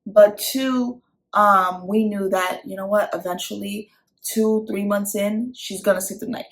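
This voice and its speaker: Young mom vlogger, mid-pitched, gravelly fry, casual and chatty. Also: female voice, a little slow, poor audio. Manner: chatty, animated when quoting her child. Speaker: parent vlogger. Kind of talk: casual parenting advice chat.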